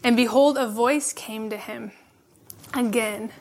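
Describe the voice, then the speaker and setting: A woman giving a reflective devotional sermon, laughing softly between phrases and dropping to a hush for emphasis. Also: on the high side, steady tone, measured pace. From California. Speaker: preacher.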